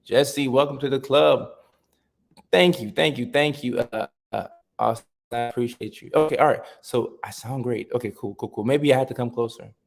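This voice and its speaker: A man hosting a casual livestream, chatting with viewers, reading their comments aloud and repeating himself in a relaxed way. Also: mid-range voice, normal speed, gravelly. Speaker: livestream host.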